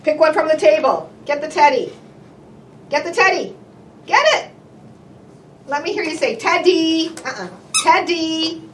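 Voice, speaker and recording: Brief: animated woman speech therapist, high and bouncy pitch, exaggerated sound effects, slow deliberate word modeling. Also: slight background noise. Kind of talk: playful speech therapy session with a young child. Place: indoor therapy room. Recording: roomy and distant.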